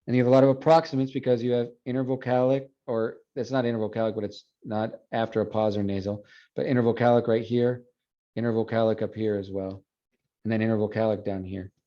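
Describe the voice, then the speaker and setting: Man teaching, slow modeled words, dull sound. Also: medium pitch, dark tone. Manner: explanatory, repeats words slowly to model pronunciation. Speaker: Spanish phonetics instructor. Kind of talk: classroom exam review. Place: classroom. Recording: dull lo-fi classroom recording.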